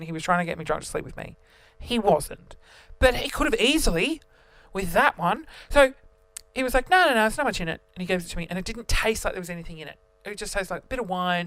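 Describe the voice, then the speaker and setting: A young man telling a story to camera as a vlogger, animated and theatrical, jumping between voices. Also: high voice, dry recording.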